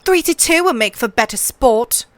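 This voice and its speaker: A woman's voice: mid-range voice, normal speed, fairly bright tone, smooth, dry recording, close to an everyday voice. A woman voicing a small, cheerful, cheeky teenage boy in a book reading. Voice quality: light, cheerful.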